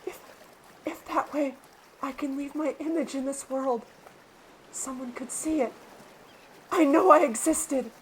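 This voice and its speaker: Frail ill girl, very high pleading voice, put on by the narrator. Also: unhurried, long pauses, a little hiss or hum. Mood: resigned. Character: frail ill young woman. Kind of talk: dramatic video game voice-over reading.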